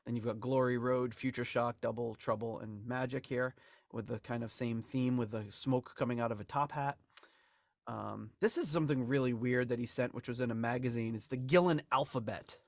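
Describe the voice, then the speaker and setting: A man talks through music memorabilia in a loose, rambling way, often restarting and laughing. His voice sits at a middle pitch, recorded dry and close. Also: steady tone, moderate pace, creaky, dry recording. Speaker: podcast co-host. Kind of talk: casual chat about album memorabilia.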